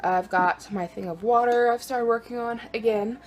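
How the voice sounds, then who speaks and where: A woman in her twenties chatting casually to her phone camera in a vlog, excitable and quick to laugh. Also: a little high. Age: 20s. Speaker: vlogger.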